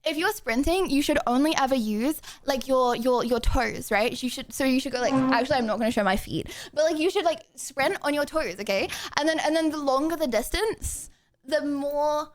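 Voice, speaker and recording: A woman's voice: high voice, normal speed, no room sound. A young woman streaming live, chatting casually and giggling with her chat, a little out of breath.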